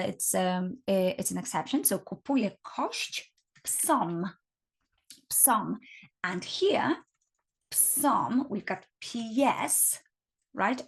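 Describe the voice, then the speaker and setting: A woman teaching grammar, patiently explaining at a board and often checking in with "right?". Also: medium pitch. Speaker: Polish language teacher.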